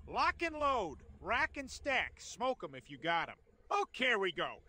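A performer voicing a gruff male soldier squad leader in a cartoon, barking orders. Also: medium pitch, wildly swooping pitch, measured pace, sharp tone, full character voice. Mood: commanding. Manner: barking commands.

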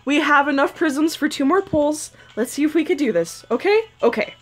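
A woman's voice: sits high, expressive, moderate pace, few pauses. A young woman hosting her own gaming channel, chatting emotionally to herself and the game characters as she opens card pulls. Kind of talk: casual gacha-pull commentary. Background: faint game music.

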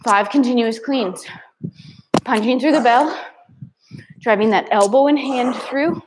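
A woman leading a live kettlebell class, giving brisk counted exercise cues and sometimes out of breath. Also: fairly high pitch, noisy background. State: out of breath at times. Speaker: kettlebell fitness instructor. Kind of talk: live workout class cueing.

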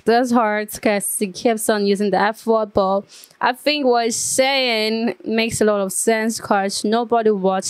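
A woman's voice: mid-range voice, clear, resonant tone, no echo. A woman hosting a reaction video, giving casual commentary in a chatty way and repeating herself as she thinks aloud.

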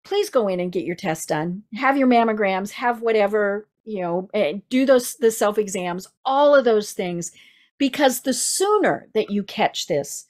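With an expressive, darkish, mid-range voice, a podcast host with a Midwestern American accent talks unhurriedly. She conducts a casual interview, chatting along with plenty of fillers and restarts.

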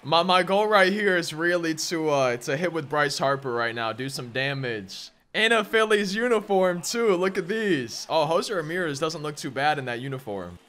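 A young man hosts a gaming channel with excited, chatty gameplay commentary. His voice sits high and sounds bright and forward. He often repeats his words and breaks into loud exclamations. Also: moderate pace, few pauses. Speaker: gaming YouTuber.

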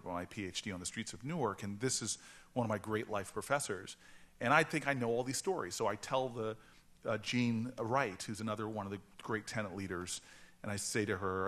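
A man in his forties from New Jersey, an author guest telling stories at a book event with many stammered restarts. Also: on the low side. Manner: animated storytelling with stammering restarts.

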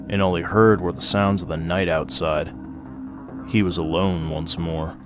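A man reading a short story aloud at a measured, steady pace. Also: low-pitched, slight background noise. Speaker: narrator.

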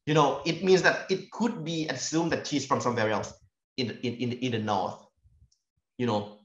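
A Thai-accented man lecturing on his fieldwork, halting and often repeating words as he looks for the right phrase. The recording is echoey and somewhat dull, as if captured in a lecture room. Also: medium pitch, steady tone, a bit bright. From northeastern Thailand. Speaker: university lecturer. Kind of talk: academic talk sharing fieldwork stories.

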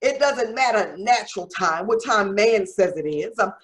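A middle-aged woman apostle preaching a sermon, peppering every phrase with "my God" and building to fervent shouts. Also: mid-range voice, expressive, moderate pace. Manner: repeats "my God" constantly, rising to shouts.

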